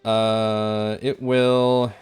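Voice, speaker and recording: A man's voice: on the low side, level tone, extremely slow, a little mellow, clear, resonant tone, dry recording, faint music behind. A man running an online tabletop game as game master, talking casually and thinking aloud with many fillers.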